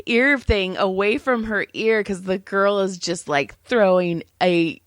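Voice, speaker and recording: A woman co-hosting a podcast, telling call center stories in a casual, animated way, swearing freely, laughing often and acting out the callers. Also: mid-range voice, unhurried, dry recording, clean studio sound. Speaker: podcast co-host. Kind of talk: casual storytelling chat.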